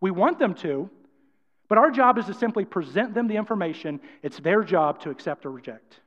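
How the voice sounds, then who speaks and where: A man delivers an energetic sermon with strong emphasis, acting out what people say. His voice sits high, and the sound is a little dull. A long reverb trails his words through the hall. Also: fairly quick. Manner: energetic, emphatic preaching with acted-out quotes. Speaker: pastor.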